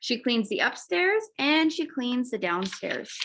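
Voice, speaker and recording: A woman teacher reading a children's picture book aloud, expressive, adding little asides to young listeners. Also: on the high side, measured pace, creaky, a little hiss or hum. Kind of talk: children's storybook read-aloud.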